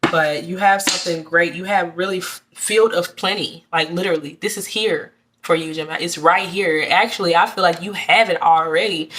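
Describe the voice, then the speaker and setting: A woman's voice: lowish voice, fairly even intonation, moderate pace, fairly bright tone, a little hiss or hum. A woman giving a casual tarot reading straight to her viewers, earnest and repetitive, often restarting her words. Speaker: tarot reader.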